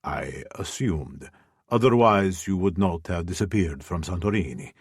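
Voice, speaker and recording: A man voicing an imposing mafia man who speaks in a calm, slow, understated way. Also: sits low, breathy edge, no echo, clean studio sound, full character voice. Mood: cool.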